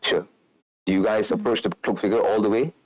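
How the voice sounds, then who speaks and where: A man's voice: fairly low pitch, fairly even intonation, brisk, a little hiss or hum, rough recording. A man narrating as game master of a tabletop game, describing scenes in a rambling way with many fillers.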